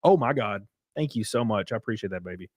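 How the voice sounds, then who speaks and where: A man's voice: on the low side, lively intonation, fast talker, music in the background. A man streaming live, reading chat messages and riffing sarcastically with plenty of swearing and mocking voices.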